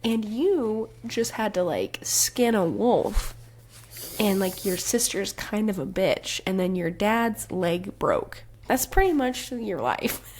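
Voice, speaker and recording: A woman's voice: mid-range voice, expressive, slow pace, a little mellow. A woman co-hosting a podcast, casually reviewing a book with a sarcastic, profane, laugh-filled manner. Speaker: podcast co-host.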